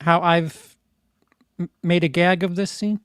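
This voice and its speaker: A man's voice: high-pitched, steady tone, measured pace, a bit bright, clear, resonant tone, no echo, clean studio sound. A man hosting a casual movie watch-along, making wry, rambling remarks and swearing casually. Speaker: host of a movie review channel.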